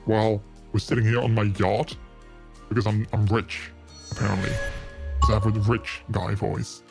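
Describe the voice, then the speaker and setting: A smooth, flirtatious rich "daddy" figure, as a male streamer puts him on. The voice sits low and gravelly, and it talks in a slow, soothing hush. Faint music plays behind it. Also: flat delivery. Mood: smug. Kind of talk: live stream banter.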